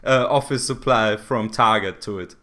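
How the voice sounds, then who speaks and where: A man's voice: fairly low pitch, normal speed, sharp tone. A man who is a guest comedian in a casual comedic chat, joking and often hesitating with fillers.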